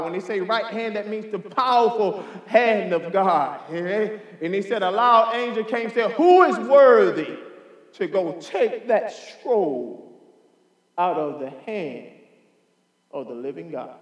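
A man preaching a sermon with a high-pitched voice that carries through a roomy hall with long reverb. He reads scripture aloud and builds fervor, breaking in with hallelujahs as he goes. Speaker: pastor.

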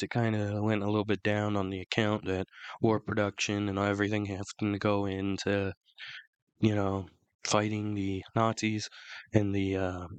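A man co-hosting a podcast in casual, opinionated chat, rambling with many restarts, his throat still rough from flu. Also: lowish voice, no echo. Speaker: podcast co-host.

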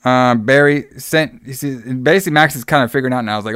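A man co-hosting a casual podcast, retelling a film plot and acting out the characters' lines in quick bursts, swearing freely. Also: mid-range voice, fairly bright tone, smooth, no echo, studio quality. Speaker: podcast co-host recapping a film. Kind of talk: casual chat.

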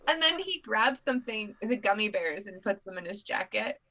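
Bright-voiced chatty young woman. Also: mid-range voice, a little fast, poor audio. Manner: chatty, animated storytelling with laughs. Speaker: podcast co-host. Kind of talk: casual chat.

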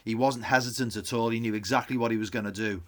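A man talking casually in a football podcast, going through the match in a relaxed way and trailing off quietly at the ends of thoughts. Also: on the low side, fast. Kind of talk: casual match reaction chat.

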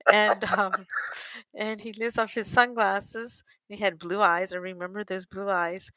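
A woman's voice: mid-range voice, level tone, unhurried, bright, forceful tone, no echo, rough recording. An older woman from the United States telling a personal story in a casual, rambling way, correcting herself and laughing often. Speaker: interviewee.

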